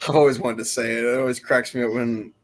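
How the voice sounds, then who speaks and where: A man's voice: medium pitch, level tone, fast talker. Easygoing man chatting on a call. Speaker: podcast co-host. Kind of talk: casual chat on a live stream.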